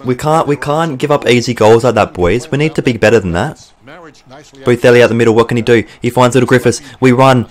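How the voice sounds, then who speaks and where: Brisk and mid-range, a young Australian's voice carries let's-play commentary on the football video game he's playing for his YouTube channel. He curses, gets excited, and grows worked up with bursts of frustration.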